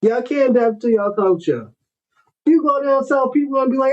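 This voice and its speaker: Male host, high voice, blunt lecturing delivery, muffled lo-fi audio. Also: a little fast. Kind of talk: casual opinionated talk. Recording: dull lo-fi audio.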